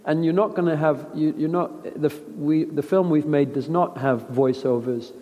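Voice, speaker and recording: A man's voice: fairly high pitch, normal speed, long reverb tail, highs cut off. A middle-aged actor speaking casually in an interview, reflective and rambling, often restarting his sentences.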